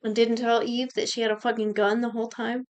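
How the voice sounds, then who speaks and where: Profane, high-voiced young woman recapping. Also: a little fast, smooth. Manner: profane, animated retelling with quoted voices. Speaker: podcast co-host recapping a show. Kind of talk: casual chat.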